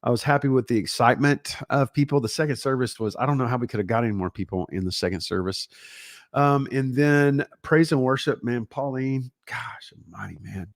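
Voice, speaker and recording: Chatty Texan pastor with a dry sound. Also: male voice, medium pitch, fairly quick, no echo. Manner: energetic, rambling, greets viewers by name. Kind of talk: casual livestream chat. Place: home.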